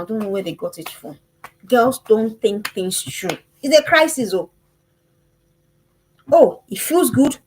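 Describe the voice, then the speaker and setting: Teaching a parenting lesson, this woman sounds emphatic and lively, her voice husky and on the high side. She circles back over the same phrases and keeps quizzing whoever's listening, all captured on poor-quality audio.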